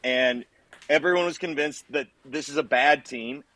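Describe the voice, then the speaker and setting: A male panelist at a medium pitch talks through his ideas with frequent restarts. The room sounds dry and close, with no echo. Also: normal speed, sharp tone. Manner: hesitant, restarts while working through an idea. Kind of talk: postgame show chat.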